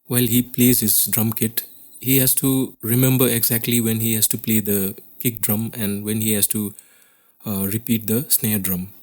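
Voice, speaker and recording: A man's voice: on the low side, level tone, moderate pace, a little mellow. A man with an Indian English accent teaching a class lesson on poetry, explaining step by step and often checking in with "okay?".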